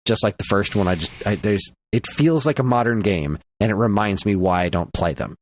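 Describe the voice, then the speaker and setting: A man co-hosting a podcast in casual chat, ranting with animated energy. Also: on the low side, fairly quick, dry recording, clean studio sound. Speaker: podcast co-host.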